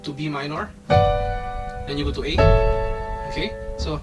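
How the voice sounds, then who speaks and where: A man with a somewhat high voice teaches a keyboard lesson, walking through each step in slightly non-native English and checking in with "okay?" along the way. He sits a little away from the mic, and loud piano playing runs under his speech. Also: measured pace, far from the mic. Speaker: music teacher.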